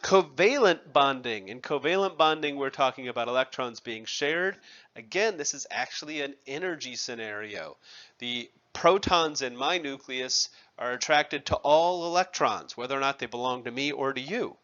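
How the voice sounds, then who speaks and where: Bright-voiced man teaching chemistry. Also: medium pitch, lively intonation, normal speed, highs cut off. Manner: conversational, asks students questions, self-deprecating asides. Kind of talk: classroom lecture.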